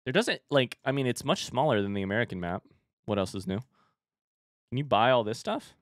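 A man's voice: mid-range voice, big pitch swings, moderate pace, no room sound, clean studio sound. A young man chatting casually with his live chat while playing a farming game, swearing now and then. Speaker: streamer. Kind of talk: casual live-stream gaming commentary.

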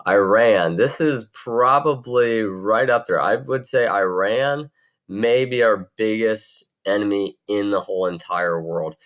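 A man's voice: on the low side, a little slow, fairly bright tone. A man teaching a recorded geography video lesson in a chatty, rambling way with jokey asides.

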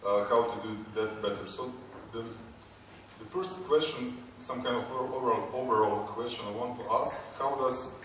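A man's voice: medium pitch, moderate pace, a bit bright. Hesitant man lecturing in an echoey hall. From Croatia. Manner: hesitant, many fillers and restarts. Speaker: conference speaker. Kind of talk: academic talk. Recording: echoey hall, distant mic, background noise.

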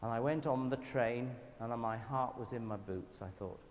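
A man with a Southern English accent giving a church talk, telling anecdotes in a lively, self-deprecating way. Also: medium pitch, normal speed. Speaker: guest speaker at a church event. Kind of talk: storytelling sermon talk. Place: church hall. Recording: reverberant hall with faint background noise.

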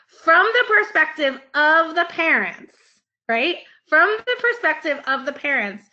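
Lively, bright-voiced woman lecturing a class. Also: high-pitched, muffled recording. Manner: lively, playful, acts out screaming child voices. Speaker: psychology lecturer. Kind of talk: live online class lecture.

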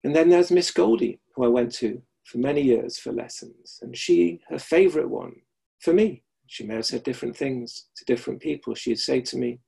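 A man's voice: mid-range voice, moderate pace, gravelly, dark tone, slightly rough. A middle-aged man teaching the Alexander Technique in a webinar, reflective and repeating key phrases for emphasis, heard over a video call. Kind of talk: webinar lecture with anecdotes.

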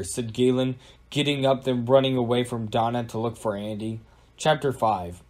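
A man narrates an audio storybook at a medium pitch. His storytelling is plain and even. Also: moderate pace.

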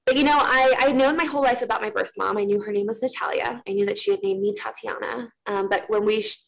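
Fast-talking young woman with gravelly fry. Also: a little high, animated, low-quality recording. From Russia. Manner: talks in fast bursts with many fillers and restarts. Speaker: interview guest. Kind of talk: emotional personal storytelling.

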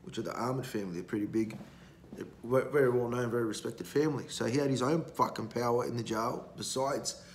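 A gravelly-voiced man talks in a blunt, rambling, swear-laden way as a podcast guest. His voice sits in a roomy space with a faint hiss of background noise. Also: medium pitch, brisk. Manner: blunt, heavily profane, rambling. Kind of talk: casual storytelling.

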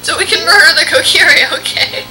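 A woman's voice: very high-pitched, fairly quick, bright, forceful tone, faint music behind, low-quality recording. A woman co-hosting a let's play, tossing off sarcastic quips in casual gameplay commentary.

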